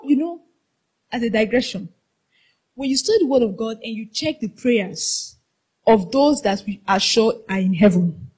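A high-voiced woman preaches with fervor in a large hall. She half-sings her key phrases and calls for the congregation to answer her. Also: fairly bright tone. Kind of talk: sermon.

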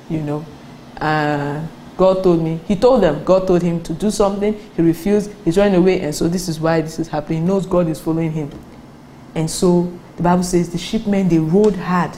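Animated woman preacher. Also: a little fast, slight background noise, poor audio. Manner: animated storytelling, acts out quotes with rising pitch. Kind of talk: sermon.

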